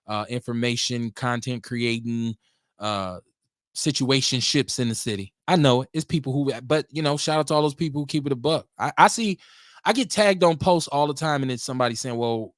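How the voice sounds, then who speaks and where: Middle-aged man, solo podcast host, rambling and animated, mid pitch, dry close sound. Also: fairly quick, no room sound. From Milwaukee, USA. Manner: rambling, talkative, lively swings in pitch. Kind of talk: casual solo talk show.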